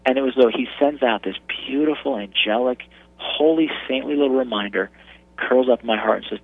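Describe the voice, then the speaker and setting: Man in his thirties, gravelly husky voice, earnest testimony, muffled dry radio sound. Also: quick pace, dry recording. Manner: earnest storytelling, dropping soft and low at tender moments. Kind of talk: personal testimony on prayer.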